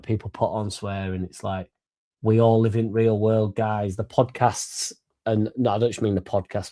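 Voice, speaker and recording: Young lad, fan-channel host, tipsy and sweary, mellow tone, loose and rambling. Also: male voice, fairly low pitch. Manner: rambling, sweary and laddish, laughing between lines. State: a bit drunk. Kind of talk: casual livestream chat.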